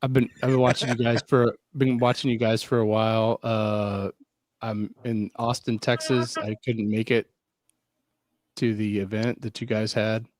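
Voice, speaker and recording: A man's voice: on the low side, flat delivery, unhurried, dry recording. A man joining a podcast as a first-time guest, talking casually with hesitant starts and dry humor. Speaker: guest caller. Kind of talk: casual chat.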